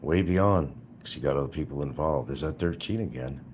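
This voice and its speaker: A man's voice: very deep voice, fairly quick, darkish tone, slight background noise. A man giving a sarcastic ranting commentary as a YouTube commentator, hammering points through repetition.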